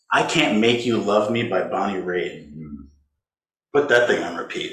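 A man giving a gentle, playful Zen dharma talk, laughing often as he teaches. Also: lowish voice, expressive, normal speed, a crowd in the background. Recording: roomy hall.

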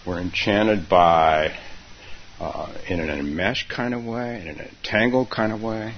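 In a deep voice and at a measured pace, a man delivers a dharma talk as a meditation teacher. He takes his time and repeats his phrases, and the dull recording carries a faint hiss.

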